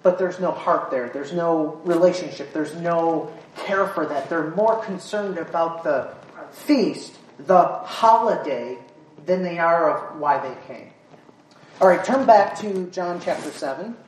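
Woman preaching in a church, kinda low voice, lively, acts stuff out, echoey room. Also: a little slow, slight background noise. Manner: animated, acts out crowd chatter and scripture. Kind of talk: sermon. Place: church sanctuary. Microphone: handheld or stand mic.

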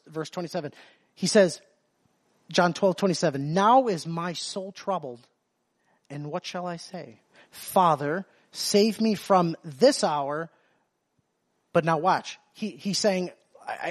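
A high-pitched man preaches a sermon. He reads the verses slowly and with weight, then breaks into quick explanation, stumbling and repeating words as he goes, and keeps asking his listeners if they follow. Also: no room sound. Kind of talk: sermon, reading and explaining scripture.

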